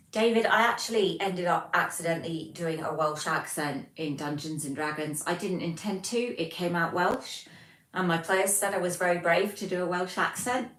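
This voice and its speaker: A woman's voice: lowish voice, normal speed, a bit bright. A British woman hosting a casual livestream chat. She greets viewers and reads their messages aloud, with plenty of ums. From Britain. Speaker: livestream host. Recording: roomy echo, distant mic.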